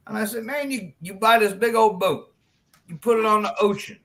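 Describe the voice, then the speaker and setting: A man hosting a live chat stream, telling long crude jokes in a loose, animated way. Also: sits high, normal speed. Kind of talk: joke telling in casual chat.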